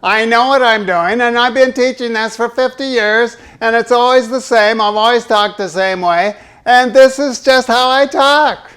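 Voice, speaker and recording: A man's voice: extremely high pitch, normal speed, hardly any pauses, a bit bright, smooth, voice pushed up. A man voicing a pompous old male professor with a nasal, smug way of talking. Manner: smug, self-satisfied droning.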